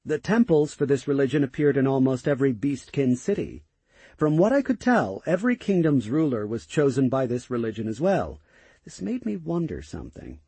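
A male audiobook narrator with a dark, mellow and somewhat husky voice. He reads in the first person with lively, varied intonation. The recording is dry and close. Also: medium pitch, normal speed, no echo.

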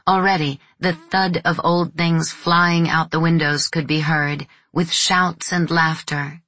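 A woman narrates a novel for an audiobook in a measured, even storytelling manner. Her voice is low-pitched, and there's no room sound.

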